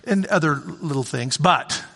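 Animated preacher man in a reverberant hall. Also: fairly high pitch, unhurried, vocal fry, breathy edge. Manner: animated, acts out God's voice, swings from shouting to hushed. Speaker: pastor. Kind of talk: sermon.

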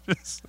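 Bright, dry-voiced male pastor preaching. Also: no room sound. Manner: folksy, self-deprecating storytelling with frequent laughs; earnest, lowered voice when exhorting. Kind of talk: sermon.

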